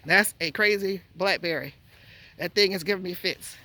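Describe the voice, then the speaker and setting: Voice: medium pitch, bright, forceful tone. Chatty gardener, breathless and rambling. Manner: chatty, rambling, pauses to recall plant names. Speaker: gardening vlogger. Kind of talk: casual walking tour of a garden. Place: outdoors in a home garden.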